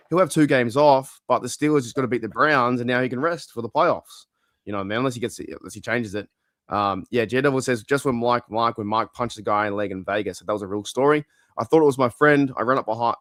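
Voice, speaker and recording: A man's voice: medium pitch, a bit bright, no echo, clean studio sound. A man, co-hosting a podcast in casual chat, rambling through stories and swearing casually. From Australia. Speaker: podcast co-host.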